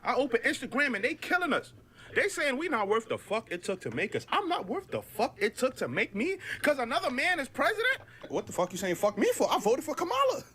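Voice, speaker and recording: Animated, bright-voiced New man ranting. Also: very high-pitched, brisk, breathy edge. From New York. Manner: exasperated, profane street-slang rant. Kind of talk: ranting monologue.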